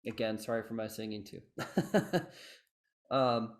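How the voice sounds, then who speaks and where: A man's voice: medium pitch, moderate pace. A man teaching fife rhythms in an online workshop, chanting rhythm syllables and encouraging his students over a video call. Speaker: fife instructor. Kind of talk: online music workshop lesson.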